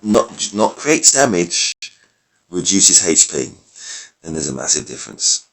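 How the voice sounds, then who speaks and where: Rambling through his card decks in casual gameplay commentary, this mobile game video creator thinks aloud and corrects himself along the way. His low voice is sing-song, a little slow, and fairly bright, yet creaky and slightly rough because he is losing his voice.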